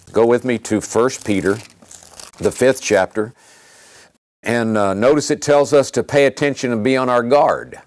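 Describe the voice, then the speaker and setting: A male preacher delivers his sermon with emphatic, animated force and keeps driving points home by repeating them. His voice sits at an ordinary male pitch and is recorded close and dry, with no room sound around it. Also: no room sound.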